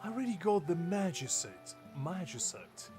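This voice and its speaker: A man's voice: high-pitched, very animated, normal speed. A man streaming a game, reading the dialogue aloud with playful, rambling asides. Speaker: gameplay streamer. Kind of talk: casual gameplay commentary, reading dialogue aloud. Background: game music.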